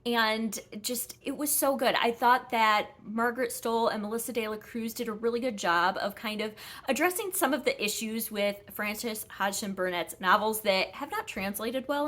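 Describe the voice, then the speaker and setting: A woman's voice: fairly high pitch, normal speed, a bit bright. Chatty woman rambling through book reviews. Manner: chatty, rambling, frequent ums and self-corrections. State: a little out of breath. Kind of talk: casual book review chat.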